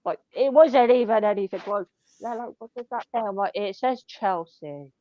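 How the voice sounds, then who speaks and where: A woman, telling shop stories in a blunt, sweary, deadpan way. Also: fairly high pitch, a little fast. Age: 20s. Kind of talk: casual chat. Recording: dull lo-fi dry sound.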